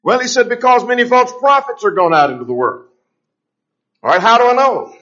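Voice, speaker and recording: A man delivers a sermon with a fairly high voice, leaning hard on key phrases and drawing them out slowly. He poses questions to his listeners and answers them himself. The recording sounds dull and lo-fi. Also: animated, sharp tone. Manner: emphatic, slows down to stress scripture. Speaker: preacher.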